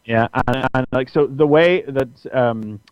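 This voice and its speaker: A man talks through a comic story on a podcast, stumbling over restarts and fillers as he goes. His voice sits in a middle pitch. The recording is dry and a little dull, like lo-fi podcast audio. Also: unhurried, clear, resonant tone, no echo. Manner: animated retelling, puts on squeaky voices for characters. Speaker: podcast co-host reviewing comics. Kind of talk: casual chat.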